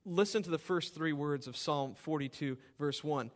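A man's voice: moderate pace, few pauses. A man preaching a sermon, reading scripture with fervent, rising emphasis and then explaining it to his church. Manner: impassioned scripture reading, rising in pitch and volume. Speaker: pastor.

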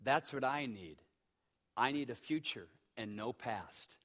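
A dying old doctor murmurs slowly in a deep, hushed voice, a man acting him out. He sounds grave and earnest. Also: expressive. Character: dying older male doctor, quiet and earnest.

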